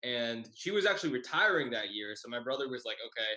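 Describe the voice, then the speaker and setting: A young man and comedian telling a shared story in a halting, wry way full of fillers over a video call. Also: mid-range voice, big pitch swings, pushed and bright, reverberant, low-quality recording. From Bay Area, California. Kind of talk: tag-team comedic storytelling.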